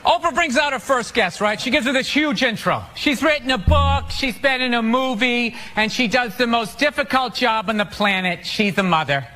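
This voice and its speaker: A man doing a stand-up comedy routine with sarcastic, deadpan mockery. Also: very high voice, normal speed, hardly any pauses, faint music behind.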